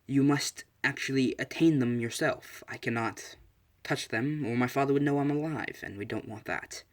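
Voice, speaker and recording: A mysterious angelic father speaks in urgent, hushed instructions. A man puts him on lightly while reading his own story aloud. The voice stays near the narrator's own middle pitch. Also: normal speed, natural voice.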